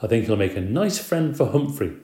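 A man reading aloud, voicing a firm, patient woman schoolteacher who corrects her class calmly. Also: mid-range voice, fairly quick, close to an everyday voice. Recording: roomy echo.

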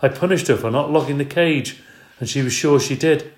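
A man voicing a gentle, kindly middle-aged woman, his pitch raised, in a roomy echo. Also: a little fast, close to an everyday voice. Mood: worried.

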